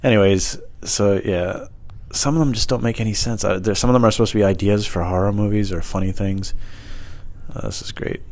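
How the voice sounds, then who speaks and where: A man's voice: on the low side, fairly quick, darkish tone. A man hosting a rambling solo podcast, self-deprecating and swearing a lot, a bit out of breath as he smokes on the wooden basement stairs at home into a small wired microphone. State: out of breath, smoking. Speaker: podcast host.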